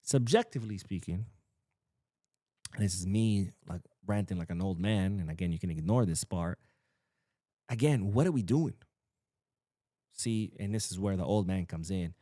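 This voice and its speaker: A man's voice: deep voice, moderate pace, pauses often, mellow, no room sound, studio quality. A man hosting a football news show, ranting bluntly and profanely about the rules. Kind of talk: ranting commentary.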